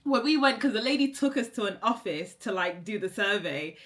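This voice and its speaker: A woman from Jamaica with a British accent over Jamaican roots, a podcast guest telling stories in a lively, laughing way. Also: medium pitch, a little fast, background noise. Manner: animated, laughing storyteller. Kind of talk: casual storytelling.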